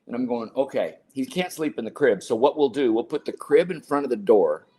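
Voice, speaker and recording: A man in his sixties, a podcast guest telling personal stories in an interview and acting out the quoted lines with lively energy. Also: medium pitch, brisk, slightly rough. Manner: animated storyteller acting out quotes. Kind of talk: storytelling interview.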